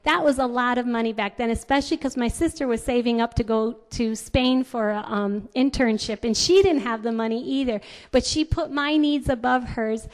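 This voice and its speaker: Woman, 50s, high voice, parenting talk, chatty, storytelling, fillers and restarts. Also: normal speed. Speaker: parenting speaker. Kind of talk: talk on raising children.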